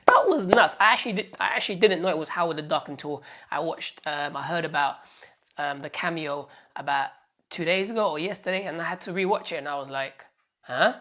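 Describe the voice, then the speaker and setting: A British woman hosting a casual film review vlog, excitable and rambling, with lots of fillers and restarts. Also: lowish voice. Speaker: YouTube host.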